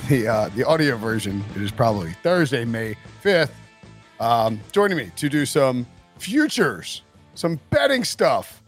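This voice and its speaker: A man hosting a casual sports podcast, rambling with lots of fillers and restarts and chuckling as he goes. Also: medium pitch. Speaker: podcast host.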